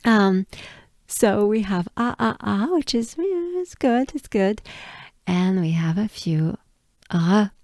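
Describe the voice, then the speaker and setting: Slow, patient French woman teaching pronunciation. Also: mid-range voice, expressive, darkish tone, no echo, studio quality. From France. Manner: patient, drills words by repeating them.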